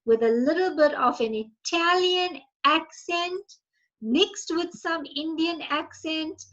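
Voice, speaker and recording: A woman host interviewing children over a video call, speaking slowly and encouragingly. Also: extremely high pitch. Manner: encouraging, slow and gentle. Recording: slightly dull lo-fi call audio.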